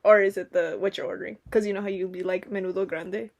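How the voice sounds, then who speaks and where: A woman's voice: medium pitch, level tone, quick pace. A young woman in casual podcast chat, telling rambling stories full of "like" and "um" and acting out quotes. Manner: rambling storytelling, lots of "like" and "um", acts out quotes. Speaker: podcast co-host.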